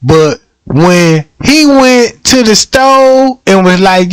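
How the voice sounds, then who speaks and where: A man's voice: high-pitched, lively intonation, slow pace, hardly any pauses, clean tone, no room sound. A man hosting a livestream, telling comic stories in casual slang, laughing often and acting out the people he quotes. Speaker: livestream host.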